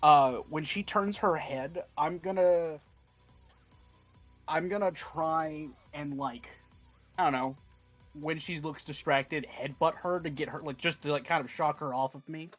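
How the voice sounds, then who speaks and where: A man playing a tabletop role-playing game, hesitant and full of fillers, bursting into excitement over his rolls. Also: fairly high pitch, measured pace, faint music behind. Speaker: player.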